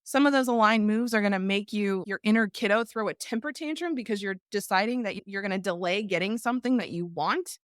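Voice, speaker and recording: A woman's voice: medium pitch, fairly quick, hardly any pauses, no room sound. Middle-aged woman host, teary but emphatic, repeats lines, dry close sound. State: tearful. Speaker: podcast host. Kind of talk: reflective live talk to an online group.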